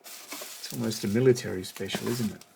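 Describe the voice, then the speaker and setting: A middle-aged man unboxing a collection, musing quietly, half to himself, in a room at home. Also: fairly low pitch, moderate pace, gravelly. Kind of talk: casual unboxing commentary. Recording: rustling packaging noise behind.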